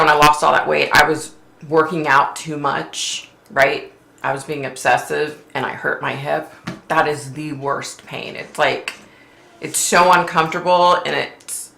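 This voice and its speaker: A deep, gravelly female voice, bright and forceful, comes through with reverb and slight background noise. She's a psychic running a laid-back livestream, talking with viewers, reading their comments out loud, and saying "like" and "you know" a lot.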